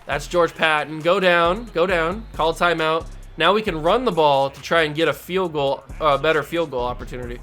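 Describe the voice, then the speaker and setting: A man's voice: on the high side, moderate pace, hardly any pauses, sharp tone. A young man hosting a gaming channel, commentating his own football video game play in a frustrated, self-deprecating ramble. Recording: faint music behind.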